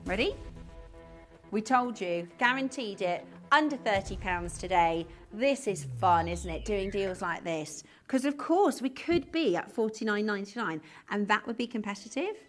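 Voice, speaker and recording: A woman hosting a live shopping show, talking in a chatty, enthusiastic way with a lively, swooping pitch. Her middle-pitched voice comes through a studio mic with faint music playing underneath. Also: moderate pace. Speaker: shopping channel presenter. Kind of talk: live TV sales presentation.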